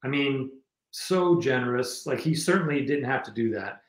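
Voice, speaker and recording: A New man spins long, rambling road stories in a loose conversational way, stopping and restarting his sentences. His voice sits at an ordinary middle pitch. The recording carries a noticeable echo from the room. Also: animated, normal speed. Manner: rambling anecdotes with many restarts. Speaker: guest musician and filmmaker. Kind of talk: casual storytelling interview.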